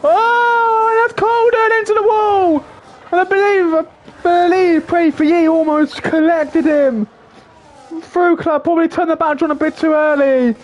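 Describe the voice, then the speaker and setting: High-voiced man calling a race. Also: muffled recording, slight background noise. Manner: quick, excitable play-by-play with self-corrections. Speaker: race commentator. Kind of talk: excited sim racing commentary.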